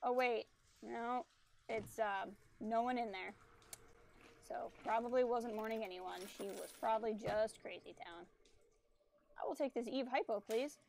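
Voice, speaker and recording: A woman's voice: on the high side, a little slow, creaky, darkish tone, slight background noise. Chatty woman streamer narrating gameplay. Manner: chatty, explains game mechanics, teases enemies. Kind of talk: casual gameplay commentary.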